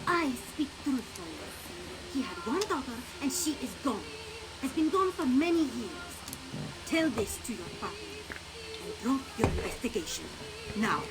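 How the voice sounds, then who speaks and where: An actress voicing a mysterious woman stranger in a video game, smooth, condescending and politely threatening. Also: high voice, big pitch swings, moderate pace, poor audio. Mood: commanding. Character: mysterious woman stranger, silky and veiled-menacing. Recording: game audio with music behind.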